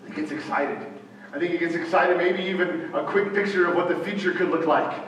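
A man preaching a sermon, halting, with frequent fillers and restarts. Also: fairly high pitch, a bit bright, highs cut off. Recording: echoey hall from far off, faint ambient noise.

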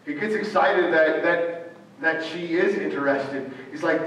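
A man preaching a sermon, halting, with frequent fillers and restarts. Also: a little high, a bit bright, lo-fi sound. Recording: echoey hall from far off, faint ambient noise.

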